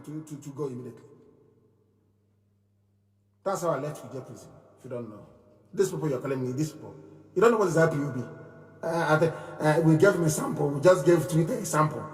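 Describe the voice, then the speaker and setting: A man giving an impassioned live speech, repeating phrases in a preaching cadence and moving from loud declarations to low murmurs. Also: echoey room, in a large hall, recorded from a distance. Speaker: movement leader giving a live broadcast.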